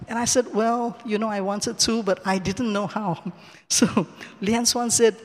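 A man giving a personal testimony in a cathedral, telling the story in a lively way, acting out the dialogue and chuckling often. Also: high-pitched, unhurried, in a large hall. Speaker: church speaker giving testimony. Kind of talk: personal testimony told from the pulpit. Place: large cathedral.

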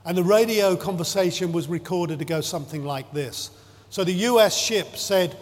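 A man preaching a sermon in a measured, emphatic way, drawing out his phrases and stressing key words. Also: on the high side. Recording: long hall reverb.

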